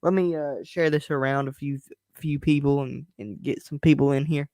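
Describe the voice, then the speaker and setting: A man's voice: on the high side, fairly even intonation, normal speed, a little mellow, no echo, studio quality. A young man hosting his own podcast stream from his bedroom, talking in a candid, rambling and frustrated way. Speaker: podcast host. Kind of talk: casual solo stream rant.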